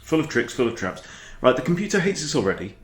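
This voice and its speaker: A man, a chess coach talking through his own game in a chatty, animated way. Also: mid-range voice, fast, a little hiss or hum. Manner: chatty, animated, breaks off to scold his dog. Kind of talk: casual game commentary. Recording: echoey room.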